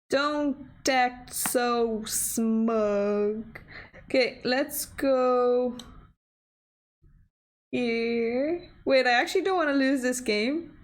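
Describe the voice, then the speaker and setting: A young woman streaming a chess game, talking excitedly to her computer opponent, gasping and exclaiming at the moves. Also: sits high. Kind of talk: casual live-stream chess play-by-play.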